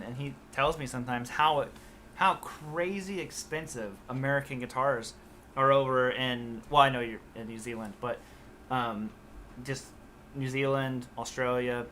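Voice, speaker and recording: Young guy hosting a guitar livestream, bright voice, faint hiss behind. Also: medium pitch. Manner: rambling, relaxed, reads chat comments aloud. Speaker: guitar channel host. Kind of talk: casual live-stream chat.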